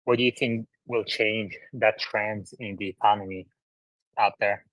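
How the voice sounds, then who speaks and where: A man co-hosting a casual podcast, asking his questions in a flat, even way. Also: lowish voice, unhurried, no echo, low-quality recording.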